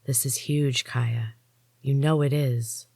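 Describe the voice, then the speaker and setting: Woman reader as a serene, earnest young woman; gentle, slow, low-pitched. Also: steady tone, creaky, dry recording, studio quality, exaggerated voice. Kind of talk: audiobook reading.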